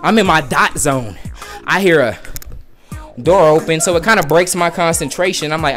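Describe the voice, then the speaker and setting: A young man giving excited live commentary on a football video game, bursting into shouts with friends in the room. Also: on the high side, moderate pace. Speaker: gameplay commentator. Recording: loud music over the voice.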